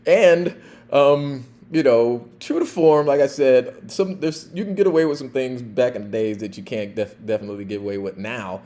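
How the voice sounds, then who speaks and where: A middle-aged man, a former police officer hosting a podcast, tells stories in a relaxed, chatty way with lots of fillers. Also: medium pitch, normal speed. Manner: relaxed and chatty with many fillers, laughing at his own story. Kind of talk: casual storytelling.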